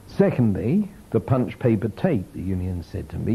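A man's voice: on the low side, brisk, creaky, hardly any pauses, a little hiss or hum, rough recording. An older man giving an informal lecture, telling stories with a chuckle. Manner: lively storytelling, chuckling.

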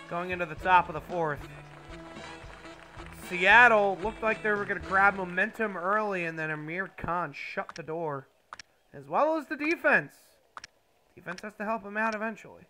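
High, bright-voiced man calling game play-by-play. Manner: excitable, bursts of loud enthusiasm. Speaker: video game commentator. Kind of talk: mock play-by-play commentary.

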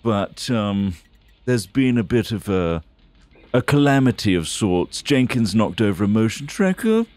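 A man's voice: on the low side, big pitch swings, measured pace, a little mellow, no room sound. A man playing a tabletop character with wry, dry humour. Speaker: player. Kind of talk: in-character role-play.

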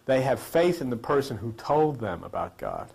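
A man hosting a talk show, talking casually to a studio audience and telling animated stories with laughing asides. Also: mid-range voice, moderate pace, creaky, husky. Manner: animated storyteller, acts out voices with laughing asides. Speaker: host.

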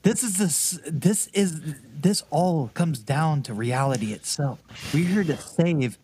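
A man voicing an idealistic young adventurer insisting on a higher mission. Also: animated, a little slow, a little mellow, a little hiss or hum. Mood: earnest.

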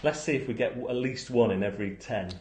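A man's voice: medium pitch, fast talker, noisy background. A man hosts a casual board game countdown and reads out odd reviews. He answers them with dry puns and mock indignation. His mid-range voice rings a little in an echoey room. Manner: wry, punning, jumps between joking and mock outrage. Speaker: board game channel host.

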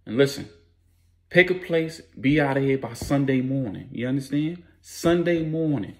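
A man's voice: medium pitch, animated, normal speed, darkish tone, pitched above the performer's own voice, natural voice. Blunt commanding street boss, firm orders, guy voicing him. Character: commanding male drug boss protecting his family.

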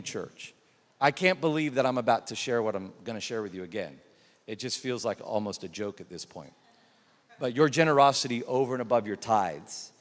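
Animated pastor in a big echoing hall. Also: male voice, mid-range voice. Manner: animated storytelling, emphatic repetition. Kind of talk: sermon. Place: large church auditorium. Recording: long reverb of a large church hall.

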